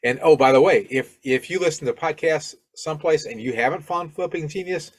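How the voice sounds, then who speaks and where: A man's voice: fairly high pitch, a little fast. A middle-aged man from Alabama hosting his own podcast, talking casually and rambling, with many fillers and restarts. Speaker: podcast host. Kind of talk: casual solo podcast talk.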